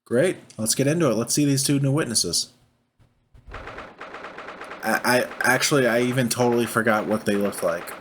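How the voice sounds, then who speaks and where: A man's voice: medium pitch, moderate pace, pauses often, a bit bright, a little hiss or hum. A man casually commenting as he plays a story game, self-deprecating and chuckling. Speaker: let's play host. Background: game music.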